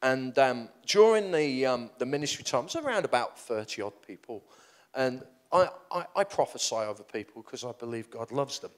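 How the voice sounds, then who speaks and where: Animated preacher, lively pitch. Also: male voice, moderate pace. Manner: animated, self-deprecating, rambling with restarts. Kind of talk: storytelling sermon.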